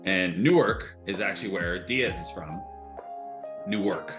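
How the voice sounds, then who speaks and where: A man's voice: low voice, measured pace, over music. A man co-hosting a podcast in casual chat, chiming in with side stories and swearing. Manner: chimes in with asides, profane. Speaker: podcast co-host.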